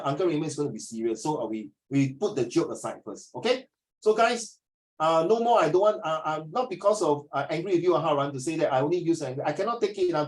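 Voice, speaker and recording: Joking Singaporean male tutor, high voice. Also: a little mellow, poor audio. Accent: Singaporean English. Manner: joking, teasing, then stern lecturing. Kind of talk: classroom lecture.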